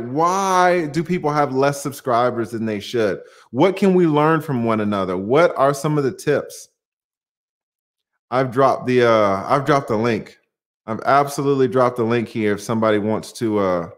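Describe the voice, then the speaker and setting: A man hosting a casual livestream, talking in an animated, rambling way with many restarts. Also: on the high side. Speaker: livestream host.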